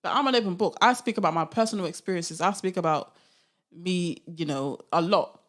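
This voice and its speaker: A woman's voice: lowish voice, a little fast. A young woman hosting her own podcast, talking casually and animatedly, often laughing and asking rhetorical questions. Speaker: podcast host. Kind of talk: casual solo podcast monologue.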